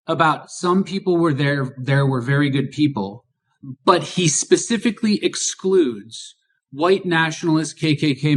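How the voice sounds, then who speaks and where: A man's voice: on the high side, husky. A man co-hosting a political podcast, talking emphatically and asking rhetorical questions. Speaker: podcast co-host. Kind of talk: political commentary.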